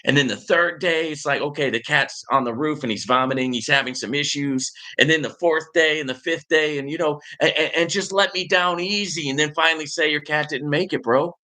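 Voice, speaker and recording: A man voicing a whiny, upset cat owner in a joke, high-pitched and complaining loudly. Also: fairly quick, few pauses. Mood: lecturing.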